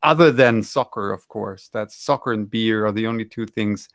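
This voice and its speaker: A man's voice: on the low side, normal speed, no room sound, studio quality. A man in casual online panel chat, rambling and correcting himself with wry asides.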